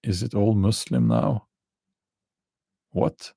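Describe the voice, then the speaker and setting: A middle-aged man with a Norwegian accent, hosting a casual livestream and answering chat questions in a halting way, full of fillers and restarts. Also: fairly low pitch, gravelly, mellow, no room sound. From Norway. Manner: halting, many fillers and restarts, chuckles dryly.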